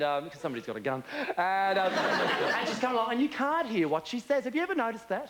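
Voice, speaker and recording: An Australian man performing a camp stand-up comedy monologue in a big TV studio, chatty and swooping between put-on voices. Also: high voice. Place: large TV studio with a laughing audience. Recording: loud studio audience laughter and noise.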